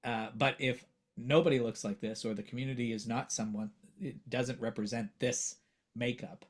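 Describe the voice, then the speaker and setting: A man, a voiceover actor and coach, talking earnestly in a casual interview and growing animated as he makes his points. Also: medium pitch, normal speed. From United States.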